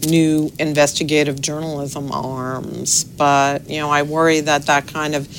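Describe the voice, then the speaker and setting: A middle-aged woman, a newspaper's executive editor, answering interview questions in a measured, thoughtful way with pauses and fillers. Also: low voice, flat delivery, a little hiss or hum.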